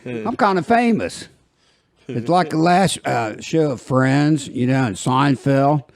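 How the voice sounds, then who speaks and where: Rambling, gravelly older man with a twang. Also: mid-range voice, lively intonation, slow pace. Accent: rural American twang. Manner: rambling, joking, laughs at his own stories. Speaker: podcast host. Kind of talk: casual chat.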